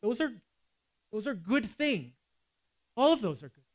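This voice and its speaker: A man's voice: very high-pitched, sing-song, measured pace. A man preaching a sermon in a conversational way, with casual asides and quoted scripture. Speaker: pastor.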